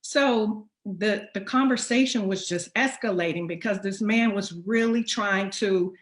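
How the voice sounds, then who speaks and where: Woman host, emphatic storyteller, mid-pitched, echoey room. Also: a little slow. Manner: animated, emphatic retelling. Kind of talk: personal storytelling. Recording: roomy echo.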